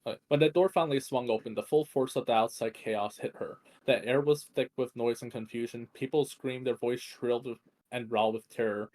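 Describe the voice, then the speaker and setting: A man's voice: medium pitch, steady tone, normal speed, a little mellow. A man reading fan fiction aloud, with a strained voice, often stumbling and correcting himself. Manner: stumbling, frequent restarts and self-corrections. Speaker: fanfic reader.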